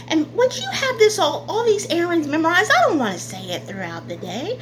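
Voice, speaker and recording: Indignant, high-voiced woman vlogger. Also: sing-song, noisy background. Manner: indignant, halting, many fillers. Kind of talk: casual opinion monologue.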